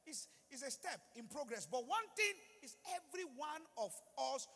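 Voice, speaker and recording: A man with a Nigerian accent preaching a sermon in a church. He pleads with the congregation and breaks into sudden loud, emphatic rises. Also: very high voice, sing-song, moderate pace, hardly any pauses, breathy edge, in a large hall, faint music behind. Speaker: pastor. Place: large church.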